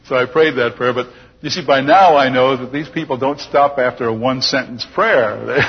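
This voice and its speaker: An older man telling his personal testimony to an audience as a chuckling, lively storyteller. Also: mid-range voice, normal speed, slight background noise. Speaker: speaker giving a personal testimony. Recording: dull lo-fi recording with long hall reverb.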